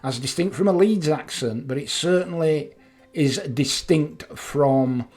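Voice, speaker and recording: A man's voice: a little high, a little slow, a little mellow. A man with a West Yorkshire Bradford accent, chatting casually to camera with fillers and rambling asides. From West Yorkshire, England. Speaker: motorcycle vlogger. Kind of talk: casual explanatory monologue.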